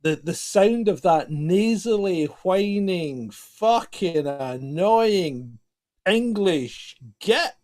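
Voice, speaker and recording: A man's voice: high voice, expressive, extremely slow, a little mellow. A man co-hosting a podcast, blunt, sweary and teasing, laughing often. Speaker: podcast co-host. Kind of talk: casual chat.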